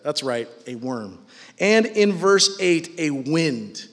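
A man preaching a sermon as pastor, animated and casual, acting out the voices he quotes. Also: a little high, takes it slowly. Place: church hall with live audience. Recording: long hall reverb.

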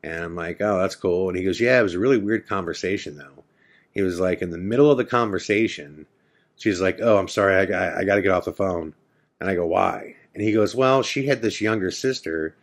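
A man's voice: low-pitched, a little fast. A man hosting a podcast, telling a personal ghost story with lots of quoted back-and-forth dialogue. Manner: retelling the scene with quoted dialogue, many "I'm like" asides. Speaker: podcast host.

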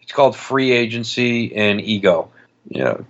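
A man's voice: medium pitch, expressive, measured pace, dull audio. A man co-hosting a casual sports podcast, blunt and agreeable. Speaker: podcast co-host.

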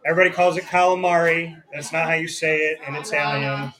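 Talking fast in a fairly high voice, a young radio host conducts a relaxed restaurant interview. He's a lively storyteller who loves to joke and tease.

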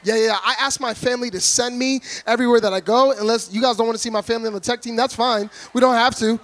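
Brief: high-pitched male preacher from Florida, energetic, comic, loud delivery to a church crowd. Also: fast. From Orlando, Florida, USA. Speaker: guest preacher. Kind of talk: humorous sermon to a congregation. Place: church before a live congregation.

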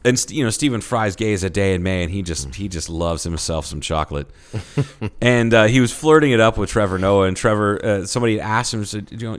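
A man's voice: lowish voice, brisk. A young man co-hosting a podcast, joking crudely and swearing in casual chat. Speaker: podcast co-host.

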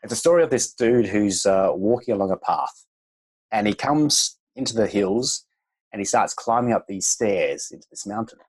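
A man speaks as a guest on a chiropractic podcast. His voice is low and a little husky, and he talks in a relaxed, reflective way. He slips easily into storytelling and calm reassurance. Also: moderate pace, rough recording. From Australia.

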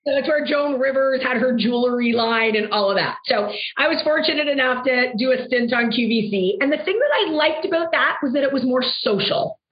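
A middle-aged woman from Canada talks fast and chattily, bursting with enthusiasm and acting out quotes. Her voice sits high. The recording is dull and lo-fi, with a roomy echo around her. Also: animated. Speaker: guest, fashion entrepreneur. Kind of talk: animated interview conversation. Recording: dull lo-fi sound in an echoey room.

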